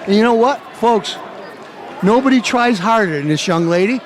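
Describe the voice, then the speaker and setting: A man's voice: high voice, normal speed, a faint crowd, slight background noise. A man hosting his show, hyping the event and interviewing people in a playful, hammy showman manner. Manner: animated, playful hype-man delivery. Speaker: show host.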